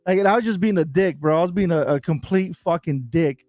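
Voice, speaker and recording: A man telling a story in casual chat, full of slang and swearing, and animated as he recounts it. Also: sits high, fast, hardly any pauses, dry recording, studio quality. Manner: animated and laughing while recounting. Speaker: bobblehead collector telling a story.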